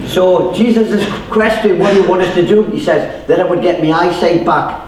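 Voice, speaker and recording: A man's voice: high voice, normal speed, a crowd in the background. Geordie man, chatty storyteller preaching a testimony, recorded far off in a very reverberant room. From North East England. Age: 30s or older. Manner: chatty storytelling, acts out voices, many fillers. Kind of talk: informal testimony sermon. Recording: echoey room, distant mic.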